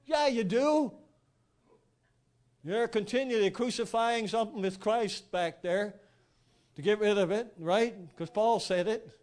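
A man giving an informal sermon, telling stories with animated rhetorical asides and frequent chuckles. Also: sits high, a little slow, pauses often. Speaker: preacher.

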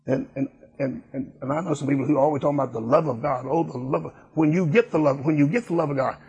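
A man's voice: fairly high pitch, quick pace, a little mellow, husky, lo-fi sound. A man preaching a sermon, emphatic and repetitive in a folksy way.

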